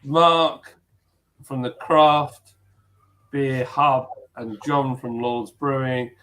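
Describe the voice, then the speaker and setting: A man's voice: medium pitch, steady tone, drawn-out words, background noise. A man hosting a casual live stream chat over beers, laughing easily and mimicking people in his stories.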